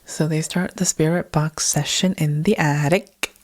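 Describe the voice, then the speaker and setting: A man's voice: fairly high pitch, fairly even intonation, a little slow. A man co-hosting a casual podcast, retelling a ghost video in a rambling way, often stopping to correct himself and giggling. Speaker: podcast co-host.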